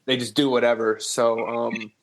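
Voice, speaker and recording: Podcast guest, young Ohio man, mid-pitched, casual and profane. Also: moderate pace. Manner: relaxed storyteller, swears casually. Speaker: band member, podcast guest. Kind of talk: casual chat.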